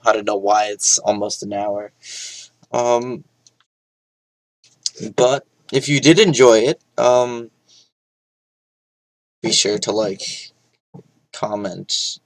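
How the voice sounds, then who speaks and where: A young man giving casual gameplay commentary, mostly mumbling to himself with sudden loud outbursts. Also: on the low side, no room sound, low-quality recording. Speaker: gaming YouTuber.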